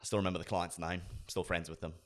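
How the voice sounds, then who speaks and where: A man in his forties, a sales trainer, giving an energetic lesson and acting out sales dialogues. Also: low-pitched, fast. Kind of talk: instructional talk with acted role-play.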